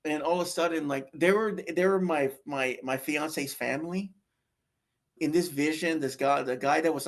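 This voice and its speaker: A man telling his near-death story in a casual, rambling way, with many fillers and restarts. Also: mid-range voice. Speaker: guest sharing a near-death experience.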